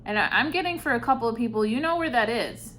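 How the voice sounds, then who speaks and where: A woman giving an intuitive tarot reading, speaking softly and reflectively, with sighs and pauses between thoughts. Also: fairly high pitch, lively intonation, a little hiss or hum. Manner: slow, soft-spoken, reflective, with sighs and pauses. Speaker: tarot reader.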